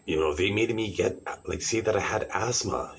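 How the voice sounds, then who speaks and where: Man, 40s, very low voice, rambling agitated vlog rant, noisy clicky recording. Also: normal speed, gravelly, fairly bright tone. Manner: agitated, repetitive, restarting sentences. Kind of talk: rambling direct-to-camera monologue.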